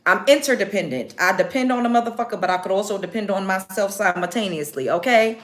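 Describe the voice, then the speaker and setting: A woman streams casually from home while applying makeup, confronting commenters brashly as she reads their messages. She speaks at a medium pitch and a quick pace.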